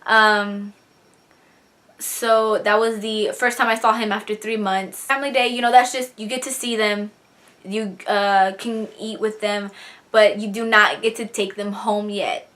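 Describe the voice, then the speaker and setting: A woman's voice: medium pitch, little pitch movement, unhurried, a bit bright. A young woman vlogging in a casual, chatty way, laughing now and then and getting teary as she talks about her brother. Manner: chatty, giggly, tearing up while reading a letter. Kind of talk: casual chat to camera.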